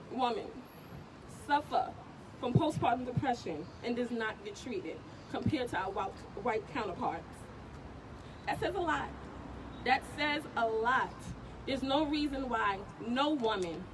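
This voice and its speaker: A woman giving an emotional speech at an outdoor protest, impassioned and insistent, repeating phrases for emphasis. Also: on the high side. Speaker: protest speaker, sister of the deceased. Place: outdoors on a city street. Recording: distant mic on a noisy street.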